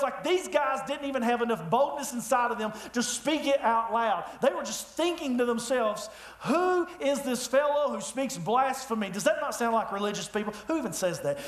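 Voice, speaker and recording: High-voiced preacher in an echoey hall. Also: male voice. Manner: animated storytelling with humor. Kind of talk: sermon. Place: church sanctuary. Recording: echoey room.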